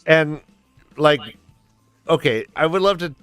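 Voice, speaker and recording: A man co-hosting a book podcast in casual chat, speaking haltingly with many restarts. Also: on the high side, a bit bright, smooth, no echo, faint music behind. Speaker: podcast co-host.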